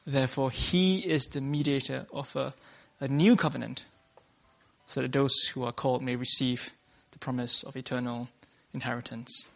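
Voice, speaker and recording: An earnest sermon comes from a male preacher whose voice is gravelly and creaky, mid-pitched, fairly bright, steady in tone and moderate in pace. He often restarts phrases, begins lines with "uh," and restates each point as he goes.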